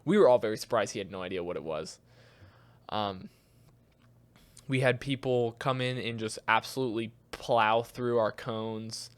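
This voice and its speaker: A man's voice: fairly low pitch, normal speed, smooth. A young man co-hosting a podcast, chatting casually and acting out both sides of his work stories. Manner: storytelling, acts out both sides of conversations. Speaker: podcast co-host. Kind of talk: casual chat.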